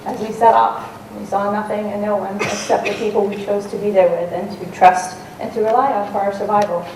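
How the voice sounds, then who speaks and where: A woman's voice: mid-range voice, fairly even intonation, fairly quick, a little mellow. A woman giving a storytelling talk on stage, conversational, with frequent ums and restarts. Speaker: talk speaker, adventurer. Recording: roomy and distant with faint noise.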